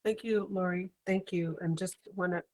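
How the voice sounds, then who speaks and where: Calm, level-voiced woman chairing. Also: fairly low pitch, heavy background noise. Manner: measured, calming, conciliatory. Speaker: meeting chair. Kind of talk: moderating a meeting.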